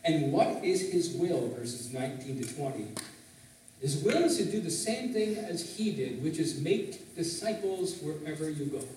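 A man with a high voice preaches a teaching sermon from the pulpit, often turning to the congregation with questions. He stands at a distance from the mic, and the church hall rings with heavy echo. A faint hum of room ambience sits underneath. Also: expressive, measured pace, a little mellow. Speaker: pastor. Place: church sanctuary, in Canada.

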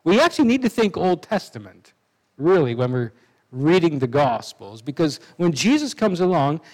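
A man's voice: on the high side, big pitch swings, moderate pace, darkish tone, low-quality recording. A man preaching a sermon in a conversational way, with asides and restarts.

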